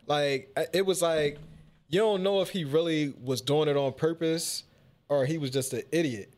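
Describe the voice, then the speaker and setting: A man chatting casually with friends, relaxed and loose, full of "like" and restarts. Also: on the high side, moderate pace. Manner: laid-back, loose, lots of "like". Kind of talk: casual chat.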